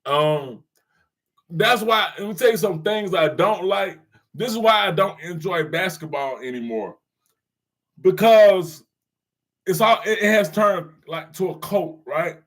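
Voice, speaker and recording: High-voiced man chatting with his viewers. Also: lively intonation, unhurried, a bit bright. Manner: laid-back slang, laughs often, addresses chatters. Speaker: streamer reading live chat. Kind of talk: casual live-stream commentary.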